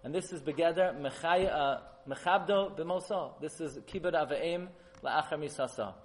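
A man giving a Torah sermon at a memorial gathering, animated and rising to loud, emphatic peaks. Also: a little high, normal speed, low-quality recording. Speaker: rabbi giving a memorial talk.

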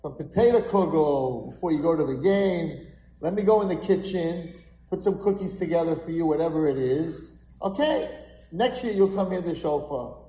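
A man's voice: on the high side, moderate pace, warm tone, roomy sound, lo-fi sound, pitched above the performer's own voice, close to an everyday voice. A man voicing a kindly rabbi who coaxes a boy to stay and eat. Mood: coaxing. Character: kindly older rabbi, hospitable.

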